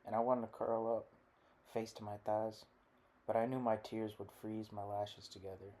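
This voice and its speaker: A man narrating a literary short story as an audiobook, with a low, steady, even delivery. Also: a little hiss or hum.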